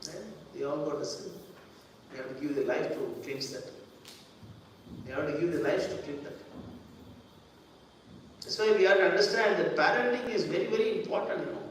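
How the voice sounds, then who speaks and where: A man's voice: a little high, normal speed, long pauses. Male preacher, talky sermon style, roomy distant sound with faint noise behind. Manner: conversational, repeats words, acts out quoted voices. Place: temple hall. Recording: echoey hall from far off.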